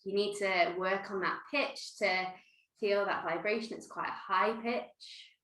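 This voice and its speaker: A woman teaching a guided breathwork class, giving gentle, playful instructions. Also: medium pitch, steady tone, measured pace, reverberant, poor audio. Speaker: yoga teacher.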